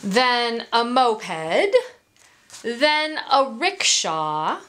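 A woman reading a picture book aloud to children, in an expressive, sing-song way, pausing to ask her listeners questions. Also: on the high side. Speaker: story time reader.

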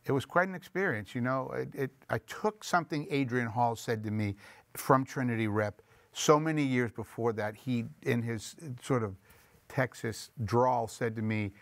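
A man's voice: medium pitch, moderate pace, dry recording. A man, a film director, telling stories in an interview in a reflective way and acting out quoted voices. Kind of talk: storytelling interview.

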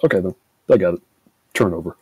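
Male player, very deep and husky, thinks aloud, dry close sound. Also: fast, no echo. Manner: thinks aloud, asks questions to sort out positions. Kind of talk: playing a tabletop game.

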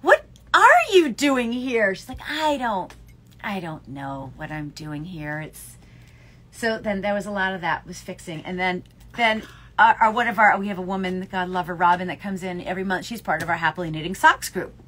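A woman's voice: fairly low pitch, moderate pace, fairly bright tone. A middle-aged woman co-hosting a casual chat, telling stories animatedly and laughing often. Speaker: podcast co-host, yarn shop owner.

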